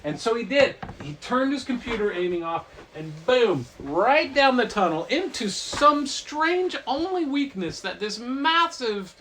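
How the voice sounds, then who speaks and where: A man's voice: sits high, low-quality recording. A man retelling a story in a goofy, playful comic way, full of silly asides. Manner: playful, animated, lots of silly voices.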